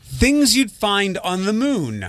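A man hosting a radio show, brisk and quick to laugh as he runs a quick-fire game. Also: high-pitched, wildly swooping pitch, very noisy. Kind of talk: casual studio banter.

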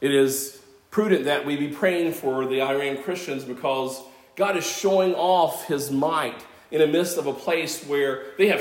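A man in his fifties preaching a sermon, earnest and conversational, with self-deprecating asides. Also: fairly high pitch. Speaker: pastor. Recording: echoey church room.

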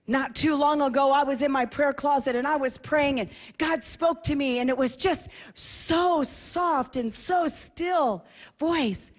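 Female preacher, high bright voice, emphatic delivery with repeated phrases and hushed drops. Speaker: preacher and TV host. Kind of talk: sermon.

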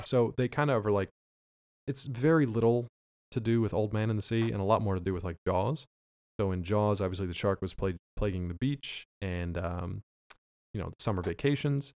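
A man's voice: low voice, darkish tone. A man co-hosting a podcast, casually recapping a cartoon episode in a loose, rambling way. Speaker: podcast co-host.

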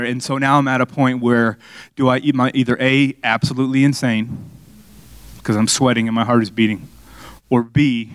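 A man's voice: normal speed, dry recording. Male pastor, conversational storytelling sermon, dry mic, mid-range voice. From Miami. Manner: storytelling, conversational with the crowd, rising to excited highs.

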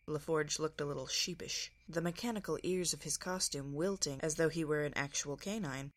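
A woman podcast reader narrating a fan story in a calm, even way. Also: low voice, moderate pace, few pauses. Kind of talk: scripted narration.

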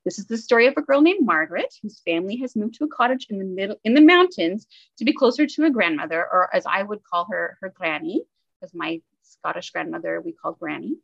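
A woman's voice: mid-range voice, expressive, fast talker, gravelly, lo-fi sound. A woman from Canada co-hosting a book podcast, chatting enthusiastically and rambling with fillers and asides. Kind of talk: casual book review chat.

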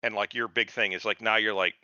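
A man's voice: lowish voice, steady tone, quick pace, sharp tone, clean tone, no room sound, highs cut off. A man in casual podcast chat, rambling and profane, acting out the voices of people he describes. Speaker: podcast host.

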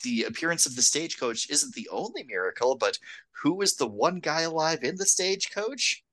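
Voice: mid-range voice, expressive, moderate pace, a bit bright. A podcast co-host chatting casually about a movie, tossing in wry remarks and the odd swear.

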